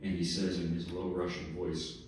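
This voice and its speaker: Low-voiced male pianist, relaxed anecdotal talk from the stage, recorded from afar in a reverberant hall. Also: normal speed, distant mic. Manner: relaxed storytelling with laughs and asides. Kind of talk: lecture-recital remarks. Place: recital hall.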